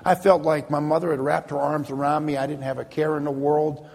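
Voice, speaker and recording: Middle aged guy telling his testimony, raspy gravelly voice, big echoey hall. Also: a little high, flat delivery, fairly quick, a little mellow. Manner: earnest, plainspoken, repeats words when moved. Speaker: speaker telling a personal testimony. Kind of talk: personal testimony storytelling.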